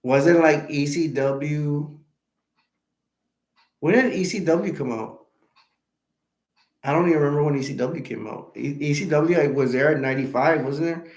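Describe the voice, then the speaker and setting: A man hosting a live stream, chatting in a halting, rambling way with many restarts and self-corrections, with hiccups. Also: on the high side, a little mellow, roomy sound.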